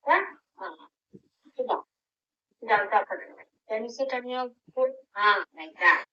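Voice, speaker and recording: A woman's voice: a little high, animated, normal speed, muffled recording. An older woman, a grandmother, giving a spiritual talk to her followers and guiding them with short, direct instructions. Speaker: spiritual teacher.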